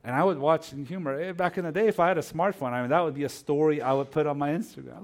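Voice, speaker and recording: Male pastor, middle-aged, storytelling sermon that moves between quiet asides and loud animated peaks. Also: on the high side, fast.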